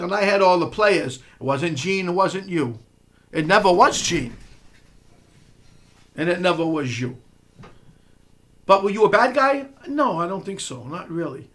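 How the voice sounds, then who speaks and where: A man's voice: high-pitched, a bit bright. A man delivering a confrontational monologue, scolding and mocking someone he speaks to directly. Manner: sarcastic, mocking. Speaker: online commentator.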